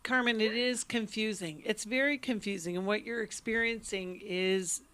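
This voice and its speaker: A woman with a mid-range voice co-hosts a call-in advice show. She talks gently and empathetically, reassuring a caller and explaining things in plain terms. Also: medium pitch, fairly even intonation, moderate pace. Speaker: radio co-host.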